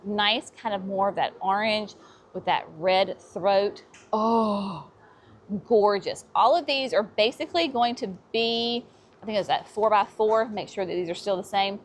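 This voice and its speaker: A woman hosts a casual garden center tour, chatty and eager as she shows off new plants. Her voice sits at a middle pitch. A light outdoor hum runs underneath. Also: moderate pace. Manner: chatty and enthusiastic, says y'all often. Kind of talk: casual walk-through plant showcase.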